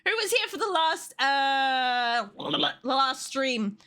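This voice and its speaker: A young adult woman chatting casually on a livestream, excitable, laughing often and swearing freely. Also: high voice, slow. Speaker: streamer.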